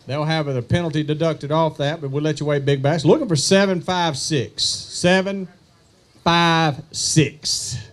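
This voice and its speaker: A man emceeing an outdoor fishing tournament weigh-in, joking with anglers and calling out weights slowly. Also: fairly high pitch, steady tone. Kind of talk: live weigh-in announcing with banter.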